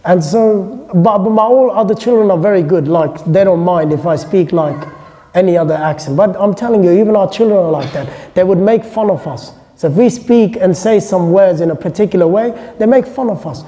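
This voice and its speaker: A native English-speaking Islamic lecturer gives a casual, joking classroom talk, full of chatty informal asides. His voice is high and dark-toned, moving a little fast, with a long hall reverb around it.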